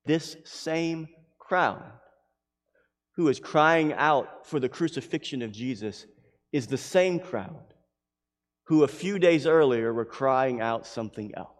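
A man preaching a sermon who reads scripture aloud and swings from loud, emphatic lines to hushed ones. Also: mid-range voice, lively intonation, slow. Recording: long hall reverb.

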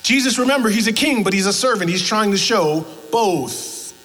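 A man's voice: high voice, moderate pace, in a large hall, rough recording. A man preaching a sermon as pastor, telling stories and acting out both sides of conversations. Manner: animated storytelling, acts out both sides of conversations.

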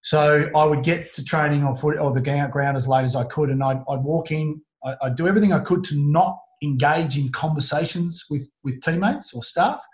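A middle-aged Australian man telling a personal story in an interview, earnest and halting, often restarting his sentences. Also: a little high. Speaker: guest. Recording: roomy echo.

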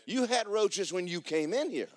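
A pastor preaching in church, his voice sitting fairly high for a man and swinging widely up and down. He hammers his points home with emphatic, homespun humor. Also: expressive, normal speed. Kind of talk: sermon. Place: church sanctuary.

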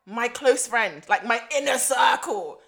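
Bubbly girl in her 20s, high bright voice, chatting w friends on a podcast. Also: measured pace, creaky. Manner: lively, laughs often, slangy. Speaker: podcast co-host. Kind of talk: casual chat.

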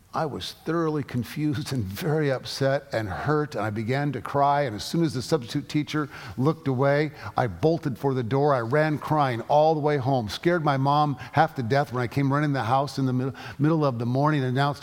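Middle-aged pastor, storytelling sermon, mid-range voice, long hall reverb. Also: male voice, medium pitch. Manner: storytelling, halting with frequent restarts.

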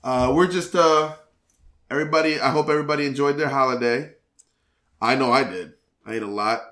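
A man's voice: mid-range voice, fairly quick, sharp tone, echoey room. A man hosting a podcast, chatting casually, rambling and stumbling over restarts while he teases his guest. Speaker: podcast host.

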